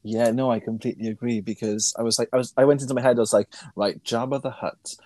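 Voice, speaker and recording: A man's voice: mid-range voice, fairly even intonation, very fast, darkish tone, dry recording. A man co-hosting a casual podcast, talking in a thoughtful, musing way that trails off and restarts. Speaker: podcast co-host. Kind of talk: casual chat.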